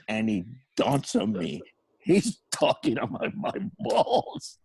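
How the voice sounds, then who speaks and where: A man's voice: mid-range voice, very animated, a little slow, vocal fry, a little mellow, slightly rough, dry recording. A middle-aged man telling a long comic story on a podcast, laughing through his own punchlines. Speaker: comedy podcast co-host.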